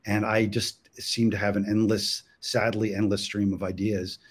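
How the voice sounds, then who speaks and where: A man's voice: lowish voice, level tone, normal speed, breathy edge. A man, a cartoonist guest, talking reflectively in an interview. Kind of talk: casual interview chat.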